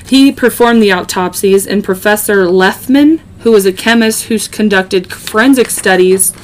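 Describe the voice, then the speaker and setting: A woman's voice: mid-range voice, normal speed. A woman hosting a podcast, casually narrating a true-crime case with joking asides and many ums. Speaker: podcast host.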